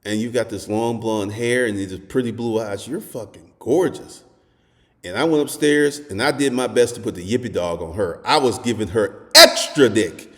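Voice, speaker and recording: A man hosting a dating advice monologue, talking bluntly and crudely, telling stories with animation and at times shouting. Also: lowish voice, normal speed, big-room sound.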